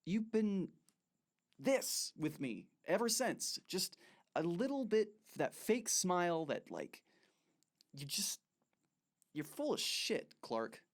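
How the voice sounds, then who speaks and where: A man's voice: medium pitch, huge pitch swings, takes it slowly, gravelly, long pauses, bright, forceful tone, husky, heavily acted. A man voicing a hostile teenage male school bully who sneers and accuses.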